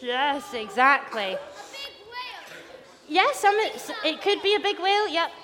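A woman with a high, very lively voice leading an all-age church talk, bouncing between storytelling and quizzing the children. She sounds playful and animated, with a long reverb from the church hall around her. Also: slow pace.

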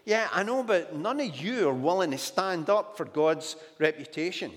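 A man's voice: a little high, lively intonation, normal speed, long reverb tail, natural voice. A male preacher voicing a bold, eager young shepherd boy who speaks with cheeky confidence.

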